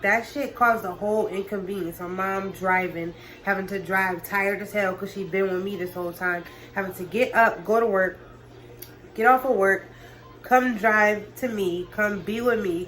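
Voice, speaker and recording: A woman's voice: medium pitch, a bit bright, low-quality recording. Young woman swearing through a storytime vlog. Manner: casual, profane, talks to viewers as y'all. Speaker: vlogger.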